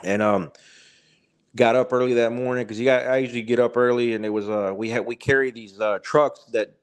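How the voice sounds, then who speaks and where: A man's voice: medium pitch, steady tone, brisk, clean tone. A man, telling a spooky story as a podcast guest in a rambling way with many fillers and restarts. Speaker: podcast guest, truck driver. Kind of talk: casual storytelling.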